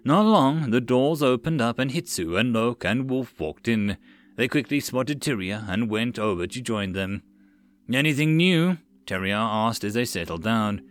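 A man narrating a web novel audiobook in a steady, plain reading voice, close to the mic. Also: mid-range voice, moderate pace.

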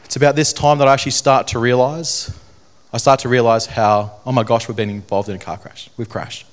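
A young man telling his personal story to an audience, in an earnest, halting way that repeats phrases. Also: mid-range voice, fairly even intonation. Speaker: speaker telling his testimony. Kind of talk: personal testimony talk to an audience.

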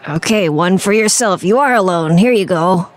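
A man's voice: high voice, moderate pace, lightly acted. A man voicing a snarky male food vendor at a festival in a comedy skit, teasing the customer. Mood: mocking. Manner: teasing, mocking.

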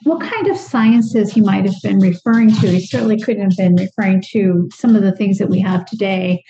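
A woman in a study group asking tentative, curious questions, with many pauses and fillers. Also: mid-range voice, mellow, lo-fi sound. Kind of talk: group discussion.

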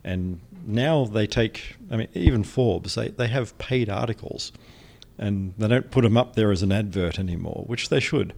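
Podcast guest, man, low voice, measured and pausing. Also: creaky, darkish tone. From Australia. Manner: measured explaining with many "um" pauses. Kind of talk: conversational interview.

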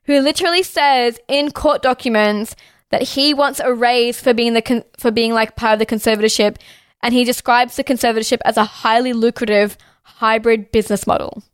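A woman's voice: on the high side, fairly even intonation, brisk, clean tone, no echo. Woman, podcast co-host, heated and sweary, filler-heavy, dry recording. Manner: heated, swears often, lots of "like". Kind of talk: casual chat.

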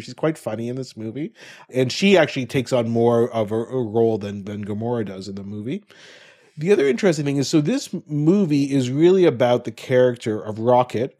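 A man's voice: medium pitch, a little mellow. A middle-aged man co-hosting a podcast, chatting casually about a movie and rambling off on tangents. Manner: rambling, loses track and restarts. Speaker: podcast co-host. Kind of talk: casual movie review chat.

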